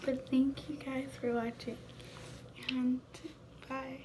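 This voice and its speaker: Soft-spoken teen woman, high and slow. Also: level tone, noisy background. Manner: soft, tearful, often breathy and whispery. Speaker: vlogger. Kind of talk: emotional personal vlog.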